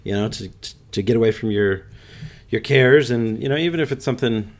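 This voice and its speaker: A man co-hosting a casual podcast, talking in halting restarts with many fillers. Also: mid-range voice. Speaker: podcast co-host. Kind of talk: casual chat.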